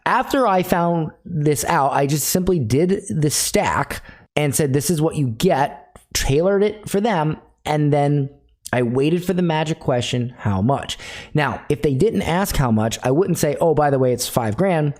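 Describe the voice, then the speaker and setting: A man's voice: a little high, a little mellow. Middle-aged guy teaching sales, blunt and direct, keeps repeating his main line. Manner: direct, repeats key phrases for emphasis. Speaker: sales coach.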